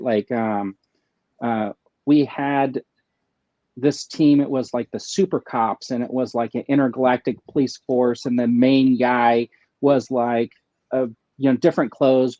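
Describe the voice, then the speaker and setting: A man's voice: medium pitch, dark tone, no room sound, highs cut off. A man speaking as a guest in a casual livestream chat, rambling with many fillers.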